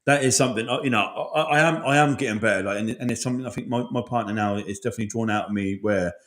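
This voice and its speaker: A man's voice: lowish voice, racing. A man in his forties, an army veteran, talking openly and emotionally in a casual podcast chat, swearing often and rambling. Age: 40s.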